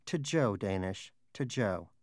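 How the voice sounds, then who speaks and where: A man's voice: lowish voice, animated, takes it slowly, no echo, clean studio sound. A man voicing a devout, bitter male pet hamster in a storybook, preachy and indignant. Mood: reproachful.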